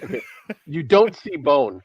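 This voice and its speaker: A male game master narrates a tabletop horror game in a mid-pitched voice, pausing often on ums as he describes the action. The recording sounds dull and dry, with no room around him. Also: big pitch swings, breathy edge, dry recording. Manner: halting narration with many ums.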